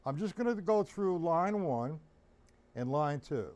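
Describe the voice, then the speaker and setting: A man's voice: a little high, expressive, measured pace. A man giving a drum lesson on a live stream, counting beats aloud and asking viewers by name whether they follow. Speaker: drum teacher. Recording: loud drumming behind the voice.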